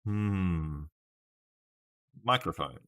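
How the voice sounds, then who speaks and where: A man's voice: deep voice, expressive, drawn-out words, fairly bright tone. A man casually live-streaming a word puzzle, thinking aloud over his guesses and chatting with viewers by name. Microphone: webcam stream setup.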